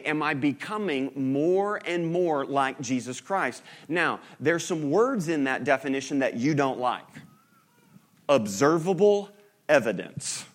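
Guy preaching, chatty sermon voice, keeps asking the crowd questions. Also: fairly high pitch. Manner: conversational, asks the congregation questions, jokes. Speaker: pastor.

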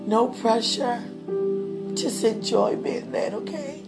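Gravelly woman praying tenderly over music. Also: fairly high pitch, slow pace. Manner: tender, laughing often, speaking in tongues. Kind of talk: spoken prayer, talking intimately to God. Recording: music playing behind the voice.

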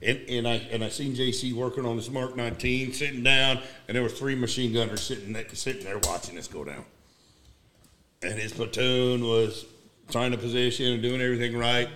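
A man, a retired Marine gunnery sergeant, telling war stories in an emphatic, profane, animated way. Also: medium pitch, moderate pace. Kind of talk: casual war storytelling.

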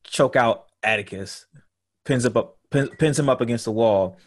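A man's voice: medium pitch, moderate pace. A man co-hosting a podcast, casually recapping a TV episode as a loose story full of profanity. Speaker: podcast co-host.

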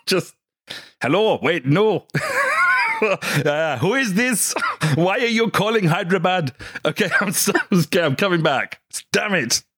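A man's voice: high voice, animated, slow pace, pauses often, a bit bright, breathy edge, no echo, studio quality. A man who hosts the show, learning an accent in casual, self-mocking chat and laughing often. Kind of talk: casual, joking lesson chat.

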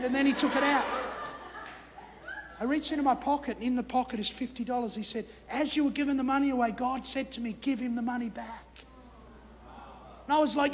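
A middle-aged man preaching a storytelling sermon, animated and acting out his own thoughts. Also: very high voice, fairly quick, long pauses. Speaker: guest pastor. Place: church hall. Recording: live reverberant hall, faint noise.

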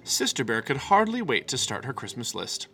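A man reads a children's picture book aloud with lively, swooping expression. His tone is bright and clear, with soft music playing faintly underneath. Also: mid-range voice, normal speed. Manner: animated, expressive. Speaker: storyteller.

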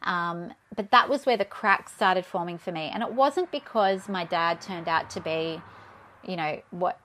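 A woman's voice: lowish voice, measured pace, fairly bright tone, a little hiss or hum. An Australian woman in her thirties, a guest telling a personal story in an interview, candid and a little shaky with nerves.

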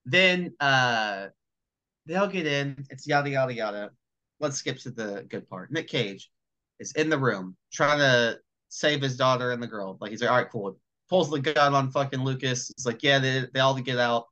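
Man, podcast co-host, casual movie review chat, bright tone, acts out lines. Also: mid-range voice, lo-fi sound. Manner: animated, recaps scenes with quick mock dialogue.

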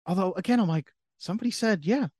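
A man co-hosts a podcast in casual conversation, laughing often and acting out quotes. He's a fast talker with a high-pitched, slightly mellow voice, recorded in clean studio sound with no room sound.

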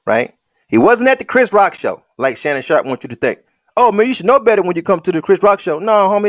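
A man's voice: high-pitched, a bit bright, no room sound, clean studio sound. A man giving a heated, profane commentary rant, talking straight at his listeners in a colloquial, emphatic, repetitive way. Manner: addresses the listener directly, colloquial. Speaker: online commentator.

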